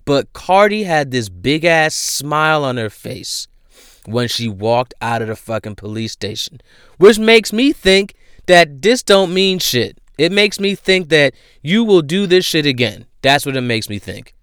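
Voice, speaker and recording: A young man hosting casual celebrity news commentary, ranting loudly and in disbelief with street slang and profanity. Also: on the high side, sing-song, unhurried, clear, resonant tone, no echo, studio quality. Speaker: host.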